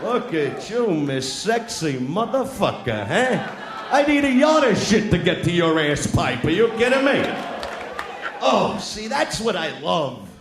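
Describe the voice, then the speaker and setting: Loud male stand-up comic, crude crowd work, live show with a noisy, echoing audience. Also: high voice, very animated, a little slow. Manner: loud, brash, taunts the audience, often shouting. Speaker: stand-up comedian. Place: large live venue with an audience.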